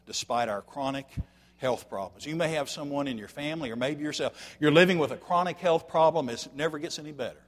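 Older preacher in a reverberant church. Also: male voice, a little high, a little fast. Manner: folksy, swings from soft asides to shouted emphasis. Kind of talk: sermon. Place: church sanctuary.

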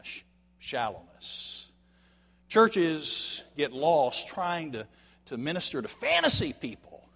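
An older man preaching a folksy sermon to his congregation, dropping to quiet asides and rising to shouted emphasis. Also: mid-range voice, long reverb tail. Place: church sanctuary.

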